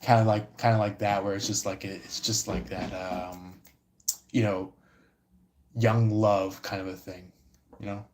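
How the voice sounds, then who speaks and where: A man giving a casual livestream tarot reading, talking haltingly with many fillers and restarts. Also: fairly low pitch, level tone, darkish tone. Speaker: tarot reader.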